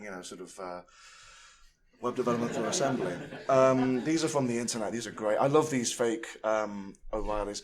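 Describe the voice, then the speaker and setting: A man's voice: medium pitch, a little hiss or hum. Man giving a casual conference talk. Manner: casual, rambling, lots of fillers and tag "okay?". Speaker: conference speaker. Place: conference room.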